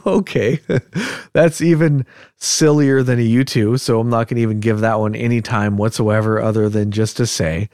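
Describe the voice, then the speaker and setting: Chill podcast guy, mid pitch, dry close sound, laughs a lot. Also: a little mellow, no room sound. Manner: easygoing, chuckles often between points. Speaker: podcast host. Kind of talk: casual chat.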